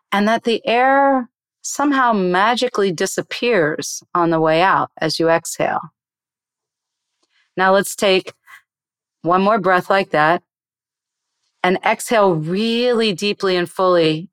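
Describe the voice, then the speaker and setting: Smooth, dry-voiced woman meditation teacher. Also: lowish voice, no echo. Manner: slow, soothing guiding voice. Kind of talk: interview, then guided meditation.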